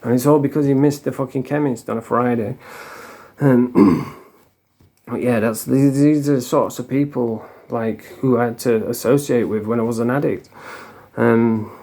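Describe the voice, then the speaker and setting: A man's voice: medium pitch, steady tone, normal speed, mellow. A middle-aged man tells blunt, rambling stories casually to camera, swearing a lot and restarting his sentences. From England. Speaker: recovering addict sharing stories.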